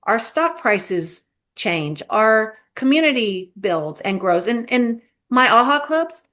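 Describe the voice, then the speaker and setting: A woman's voice: on the high side, big pitch swings, takes it slowly, a bit bright. A woman guest in a conversational interview, telling stories earnestly with frequent restarts. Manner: earnest, storytelling with repeated starts. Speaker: guest, real estate agent leader.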